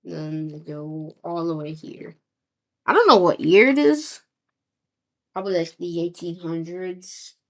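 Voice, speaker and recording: A woman improvising a rambling story narration, acting out groups of people in quick quoted asides. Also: on the low side, animated, a bit bright. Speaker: map series narrator.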